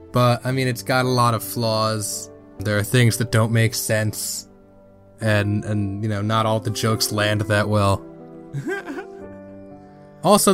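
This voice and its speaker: Lively man in his thirties reviewing films. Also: mid-range voice. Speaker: podcast co-host. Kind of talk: casual movie review chat.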